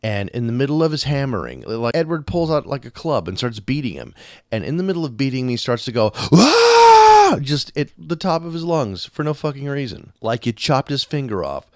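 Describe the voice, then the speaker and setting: A man reviewing a film on his podcast in a casual, animated way, acting out scenes and swearing freely. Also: medium pitch, fairly quick, no room sound, studio quality.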